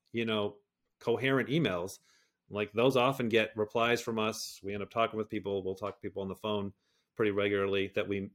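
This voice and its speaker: A middle-aged man talking candidly as an interview guest, swearing freely, rambling and restarting, sometimes rising into animated rants. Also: on the low side. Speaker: guest, personality system creator.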